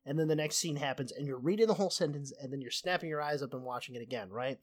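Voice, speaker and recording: A man's voice: a little high, racing. A man co-hosting a podcast in casual chat, rambling with many fillers. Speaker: podcast co-host.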